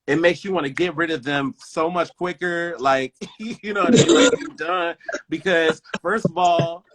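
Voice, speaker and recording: Male podcast co-host, slightly higher voice, emphatic casual talk, crowd noise underneath. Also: moderate pace. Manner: emphatic, frequent "you know what I mean". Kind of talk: casual chat.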